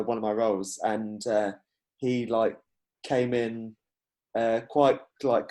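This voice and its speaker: A man's voice: on the low side, mellow. Chatty man hosting a podcast. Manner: chatty storyteller, full of "like" and quick agreement. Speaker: podcast host. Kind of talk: casual podcast chat.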